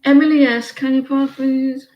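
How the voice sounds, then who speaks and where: A woman's voice: sits high, flat delivery, normal speed, lo-fi sound, slight background noise. A woman giving a casual livestream tarot reading, rambling and chatty as she talks to viewers by name. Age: adult with a daughter. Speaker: tarot reader.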